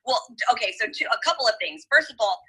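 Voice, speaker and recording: A woman host talks in an animated, emphatic way and keeps speaking straight to her listeners. Her voice is very bright and sharp, with a husky edge, and her pitch sits a little high. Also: fast talker, low-quality recording. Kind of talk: casual chat.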